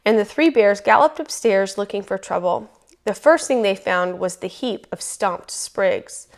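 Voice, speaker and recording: A woman reading a picture book aloud in a lively, folksy storytelling manner. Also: medium pitch, a little slow.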